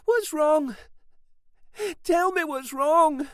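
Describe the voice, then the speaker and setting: A woman's voice: on the high side, animated, measured pace, no room sound, studio quality, pitched above the performer's own voice. A man voicing a fragile, frightened young wife who pleads and panics. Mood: distraught.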